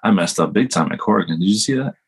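Husky, low-voiced man telling stories. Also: expressive, fast. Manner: rambling, self-mocking storyteller with laughs. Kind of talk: casual podcast chat.

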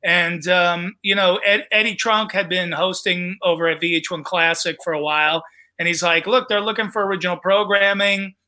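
Bright, high-voiced man telling stories. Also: normal speed. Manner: animated storyteller, acts out quoted voices. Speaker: comedian and TV host. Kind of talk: casual podcast storytelling.

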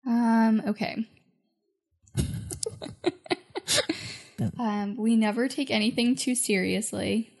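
A woman's voice: on the high side, steady tone, slow, vocal fry, pauses often, darkish tone. A woman guest on a casual podcast chat who gives short, laid-back answers and giggles easily.

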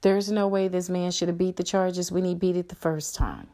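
A middle-aged woman with a dark, gravelly voice delivers a heated solo podcast rant. She talks bluntly and angrily and swears freely, pressing every point hard. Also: fairly low pitch, fairly even intonation, normal speed. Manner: blunt, angry, profane ranting. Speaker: podcast host.

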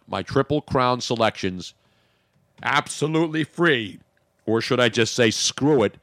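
A man's voice: mid-range voice, a bit bright, no echo, studio quality. A man hosting a talk radio show, bantering in a brash, joking way with crude asides.

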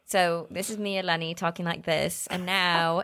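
A woman's voice: fairly low pitch, little pitch movement, moderate pace, fairly bright tone, clean tone. A woman playing a tabletop game with friends, teasing and laughing in casual chat. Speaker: player.

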